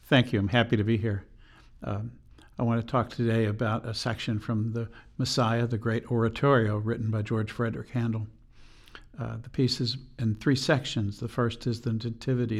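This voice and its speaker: An older man giving a measured, earnest personal testimony as a podcast guest, slowing down for quoted lines. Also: mid-range voice.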